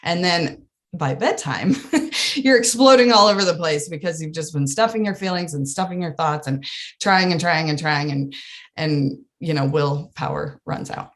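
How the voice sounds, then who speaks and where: Earnest, animated woman life coach. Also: low-pitched, moderate pace. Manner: earnest, animated, laughs often. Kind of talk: casual interview chat.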